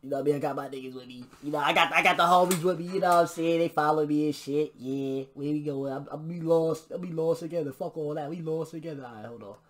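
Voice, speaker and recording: A man giving excitable live gameplay commentary, trash-talking and bursting into shouts during fights. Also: a little high, fast, hardly any pauses. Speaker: gamer. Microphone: new desk mic.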